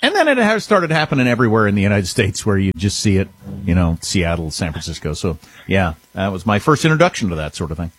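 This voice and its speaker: Joking radio host, husky and dry. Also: male voice, deep voice, fast, dry recording. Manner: joking, deadpan. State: has pink eye. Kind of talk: casual chat. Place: radio studio.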